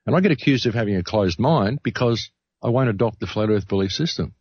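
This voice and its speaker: Speaking fast and with animation, this radio announcer rambles earnestly through a casual discussion, often starting his sentences over. His voice is fairly low, darkish and husky, and the dull lo-fi recording is dry with no echo.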